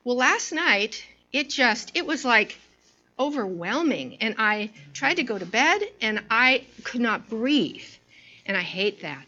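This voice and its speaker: Bright, lively woman preaching a story. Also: on the high side, takes it slowly, highs cut off. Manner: animated storytelling, lots of restarts and fillers. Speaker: women's ministry speaker. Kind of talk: informal sermon with personal story.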